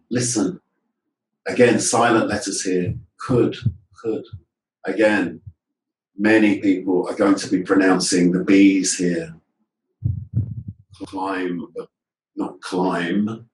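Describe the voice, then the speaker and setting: Guy presenting a teaching webinar over a video call, sounds a bit far off and roomy, drills words out loud. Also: lowish voice, slight background noise. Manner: explains and drills words aloud, asks rhetorical questions. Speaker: teacher trainer. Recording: echoey room audio from a distance.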